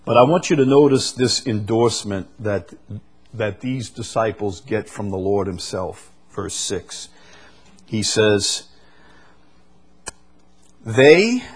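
A man's voice: lowish voice, slow pace, slightly rough. A man preaching a sermon, quoting scripture with emphatic rises and stammering repeats.

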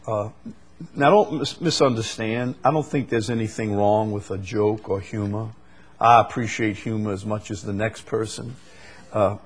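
Husky-voiced man preaching a sermon. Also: mid-range voice. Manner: emphatic rises on scripture quotes, stammered repeats.

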